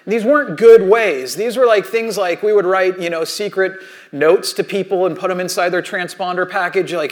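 Male speaker, high-pitched, rambling storyteller, uses personal anecdotes to make a motivational point. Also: normal speed. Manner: chatty storytelling, many "like" and "you know" asides. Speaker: speaker addressing an audience.

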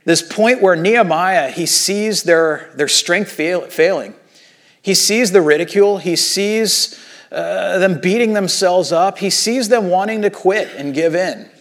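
A man preaching a sermon as a pastor, retelling Bible stories in lively acted-out voices and casual asides. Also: sits high, a little slow.

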